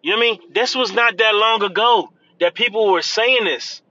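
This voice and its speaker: A man hosting a talk show, riffing in casual slang and tacking a drawn-out "man" onto his lines. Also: sits high, pushed and bright, no room sound, dull audio. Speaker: podcast host. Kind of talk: casual commentary.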